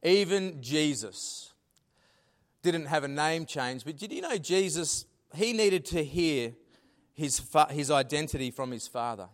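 Animated pastor, fairly high voice. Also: male voice, unhurried. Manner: animated, swings from loud emphasis to hushed asides. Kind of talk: sermon.

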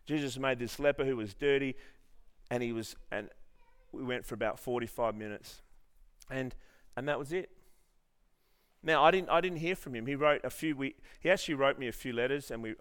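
A man's voice: mid-range voice, a little fast, fairly bright tone, clear, resonant tone. A man preaching a sermon, telling a story with many restarts and then leading the congregation in earnest prayer. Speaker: pastor.

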